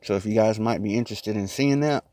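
A man's voice: on the low side, fast, dark tone. A man vlogging casually from inside a small closet, rambling in a loose, chatty way while he eats. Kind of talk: casual mukbang chat.

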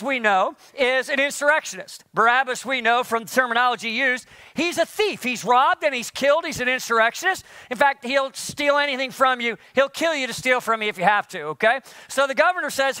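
A male pastor with a strikingly high, bright, forceful voice preaches a sermon. He keeps throwing rhetorical questions at the congregation in an animated way. The sound is dry and close. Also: no room sound.

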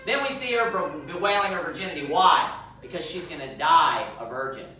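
Male pastor, emphatic sermon delivery with scripture reading, crisp bright tone, recorded from a distance in a reverberant sanctuary. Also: a little high, expressive, a little fast. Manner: emphatic, quizzes the congregation with questions. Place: church sanctuary. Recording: echoey church hall, mic far off.

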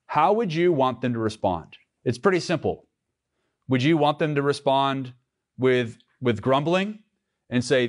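Male pastor preaching in church, earnest, mid-pitched voice, stops and restarts phrases. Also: lively intonation, a little slow. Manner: earnest preaching with restarts, reads scripture aloud. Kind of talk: sermon.

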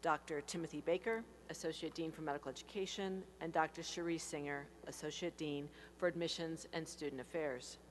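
Woman, ceremony announcer, very low voice, steady formal reading, faint hum. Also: fairly quick, hardly any pauses. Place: large hall.

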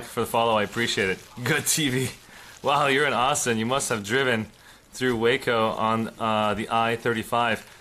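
A man's voice: lowish voice, fairly bright tone, slight background noise. A man hosting a casual livestream from indoors in an apartment, chatting in a rambling way and thanking viewers. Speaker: streamer host.

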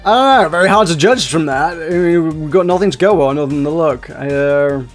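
A man's voice: fairly high pitch, a little fast, faint music behind. A man rambling chattily while commentating on a video game. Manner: rambling, self-interrupting, chatty. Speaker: let's play host.

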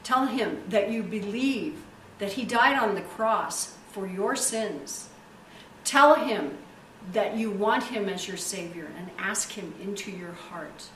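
A woman's voice: medium pitch, takes it slowly, fairly bright tone. A woman pastor preaching a sermon and leading prayer, emphatic and stretching key words for effect. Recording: echoey room, distant mic, faint hiss.

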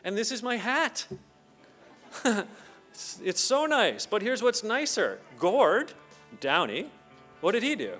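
A man's voice: high-pitched, takes it slowly, pauses often, soft background music. A middle-aged Canadian man giving a conference keynote, telling stories and acting out the voices of the people in them. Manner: animated storyteller who acts out quoted voices. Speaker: keynote speaker.

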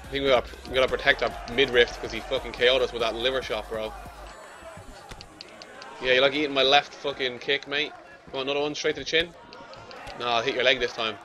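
A man's voice: mid-range voice, steady tone, fast, pauses often, music in the background, crowd noise. A young man giving brash, swearing commentary on his own video game match, trash-talking the opponent. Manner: brash and swearing, trash-talks the opponent, yells when losing. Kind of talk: casual gameplay commentary.

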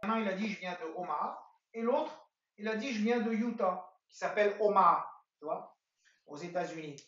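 A man imitating a teasing French male friend, with a mock French accent and halting, broken English. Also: high voice, a bit bright, roomy sound, lo-fi sound, voice pushed up.

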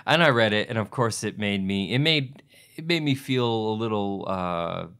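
A man's voice: on the low side, animated, normal speed, fairly bright tone, clear, resonant tone. A man co-hosting a podcast, talking casually and self-deprecatingly, often restarting his sentences. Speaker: podcast co-host. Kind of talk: casual conversation.

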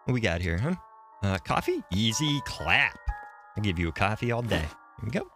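A man's voice: lowish voice, big pitch swings, normal speed, fairly bright tone, faint music behind. A young man casually commentating a game on a live stream, joking, crude and swearing freely.

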